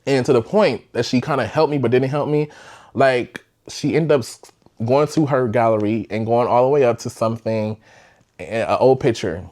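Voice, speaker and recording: A young man hosting a podcast, telling a personal relationship story in a candid, rambling way, swearing freely and sometimes sinking to a hush. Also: mid-range voice, moderate pace. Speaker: podcast host. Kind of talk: casual storytime.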